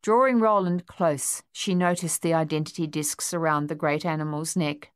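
A woman reading an audiobook in a measured, even storytelling delivery. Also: deep voice, smooth, no room sound, studio quality. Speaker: audiobook narrator. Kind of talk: scripted audiobook narration.

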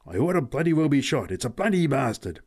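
A man's voice: medium pitch, big pitch swings, moderate pace, a little mellow, lightly acted. A man voicing a short-tempered older milk carter who barks and swears. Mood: angry. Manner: curt, snapping, swearing.

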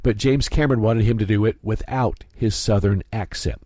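A man's voice: lowish voice, fairly quick, hardly any pauses, dry recording. A man, chatting casually as a classic hits radio DJ. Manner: lively, chatty, animated delivery. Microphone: studio microphone, dry.

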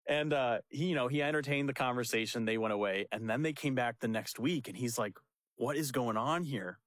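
A young pastor tells a story in a loose, chatty way. He jumps into the other people's lines and laughs as he goes. His voice sits at a middle pitch and sounds dry and close to the mic. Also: fairly quick, no room sound. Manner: animated, laughing storyteller who acts out quotes. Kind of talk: casual storytelling chat.

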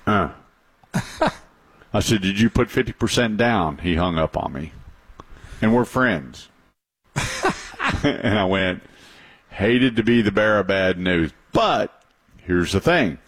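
A man's voice: on the low side, animated, slow pace, long pauses. A man hosting a radio talk show about cars, chatty and emphatic, telling stories with repeated points. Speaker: radio show host, car advisor.

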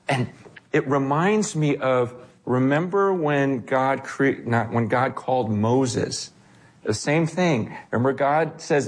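A man preaching a sermon in a conversational, animated way, acting out quotes and often restarting his sentences. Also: a little high, measured pace. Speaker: pastor.

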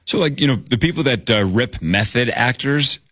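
A man's voice: mid-range voice, expressive, normal speed, a bit bright, dry recording. A man hosting a casual sports chat, joking about player names. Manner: jokey, riffs on player names. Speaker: sports podcast host.

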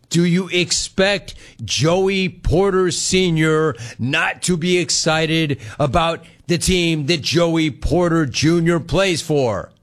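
Male sports talk host, middle-aged, slightly high pitch, sarcastic ribbing monologue style. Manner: sarcastic, needling, laughing at callers.

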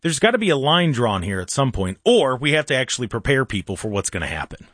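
A man hosting a casual talk show, ranting in an animated way and often restarting or repeating words. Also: medium pitch, quick pace, no echo, clean studio sound. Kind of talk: casual opinionated chat.

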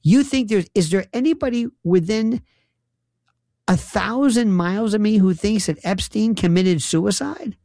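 Gravelly, dry-voiced wry talk radio host. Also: male voice, sits high, a little slow, warm tone, no echo. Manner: wry, rambling, sarcastic. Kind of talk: late-night call-in radio talk.

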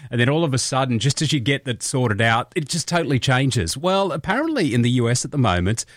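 A man's voice: mid-range voice, very animated, fairly quick, dry recording, studio quality. An Australian man hosting a breakfast radio show, chatting in a jokey way and laughing at his own asides.

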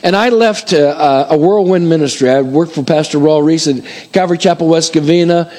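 Animated middle-aged male pastor preaching. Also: on the high side, brisk. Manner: animated, calls out to the congregation. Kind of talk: sermon. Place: church hall before a congregation.

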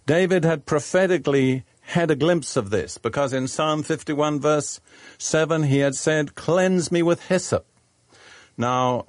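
Man, preacher, measured deliberate delivery, middle pitch, dry studio sound. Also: no room sound. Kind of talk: sermon.

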